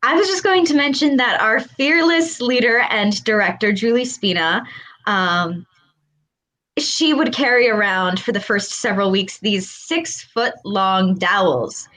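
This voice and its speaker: A woman's voice: mid-range voice, measured pace, a bit bright. A woman actor guesting in an interview over a video call, articulate and eager. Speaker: theatre company actor.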